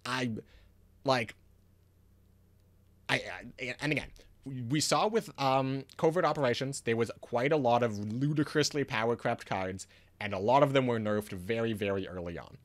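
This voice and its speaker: A man's voice: mid-range voice, moderate pace. A man giving a casual video review of a card game, ranting in frustration with lots of restarts and fillers.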